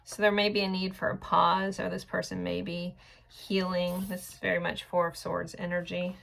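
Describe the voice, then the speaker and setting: A woman's voice: fairly low pitch, little pitch movement, moderate pace, gravelly, a bit bright. A woman in her forties giving a casual pick-a-card tarot reading, rambling and chatty with lots of filler words. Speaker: tarot reader.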